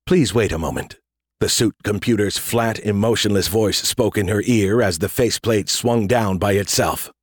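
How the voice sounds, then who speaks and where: A man narrating a military science fiction audiobook in a steady, measured way. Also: lowish voice, no echo, studio quality. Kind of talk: scripted narration.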